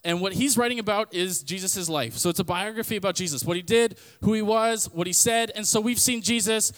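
A man's voice: sits high, brisk, fairly bright tone, in a large hall. A male podcast host giving a casual Bible teaching, telling stories and retelling scripture in everyday slang. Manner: conversational, storytelling, paraphrases scripture in everyday slang.

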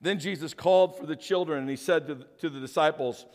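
An older man preaching a sermon, telling animated stories and acting out the voices in them. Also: on the high side, fast. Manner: animated storytelling, acts out voices. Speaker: pastor. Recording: long church hall reverb.

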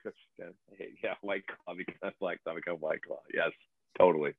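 A deep-voiced man in a loose, casual chat, spinning long stories with easy laughter and plenty of swearing. His voice comes through a thin, phone-like channel with a dry, close sound and no room echo. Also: steady tone, brisk, husky. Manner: laid-back, swears freely, laughs often. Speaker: musician and bartender.

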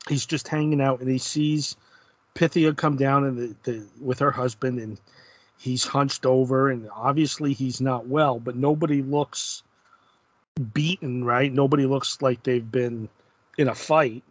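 A man's voice: mid-range voice, fairly even intonation, measured pace, dry recording. A man hosting a casual podcast, retelling the plot of an old horror comic in a laid-back way. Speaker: podcast host. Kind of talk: casual comic book discussion.

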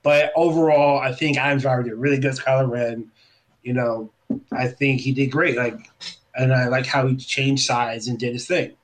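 A man's voice: mid-range voice, little pitch movement, normal speed, poor audio. A man chatting casually on a podcast panel, rambling and enthusiastic, with lots of fillers. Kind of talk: casual chat.

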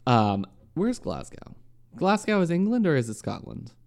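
Animated swearing podcast co-host, male. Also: fairly high pitch, normal speed, creaky. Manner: crude joking interjections, swears freely. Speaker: podcast co-host listening to the story. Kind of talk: casual podcast banter.

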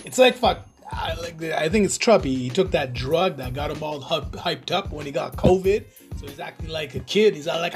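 A man's voice: on the high side, moderate pace, faint music behind. A man hosting his own channel, chatting in a rambling, jokey, heavily profane casual rant. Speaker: vlogger, channel host.

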